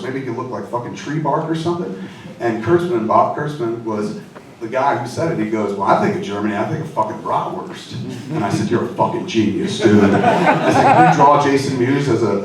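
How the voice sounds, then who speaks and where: A film director at a premiere Q&A telling a long, profane anecdote and acting out the people in it. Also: male voice, medium pitch, far from the mic, a little hiss or hum. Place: large festival theater with audience. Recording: echoey hall, mic heard from afar, audience.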